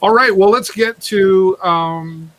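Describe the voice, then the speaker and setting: A man's voice: sits high, takes it slowly, a bit bright, low-quality recording. A man hosting a live music show, chatting and joking with his co-host and greeting viewers by name. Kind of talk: casual live show chat.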